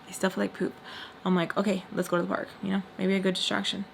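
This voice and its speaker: A woman's voice: mid-range voice, flat delivery, fast talker, creaky, slight background noise. A young woman telling a storytime vlog in casual chat, blunt and full of fillers, swearing now and then. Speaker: storytime vlogger.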